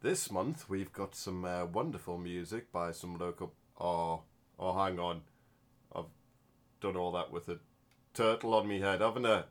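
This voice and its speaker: A man co-hosting a comic podcast, boisterous and quick to yell and swear. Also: low voice. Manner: boisterous, swears and yells in bursts. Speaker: podcast co-host.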